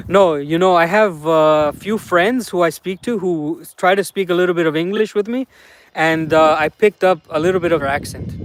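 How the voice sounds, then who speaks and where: High-voiced man chatting on a livestream. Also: moderate pace. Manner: relaxed, rambling, many fillers. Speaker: livestream host. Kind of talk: casual livestream chat.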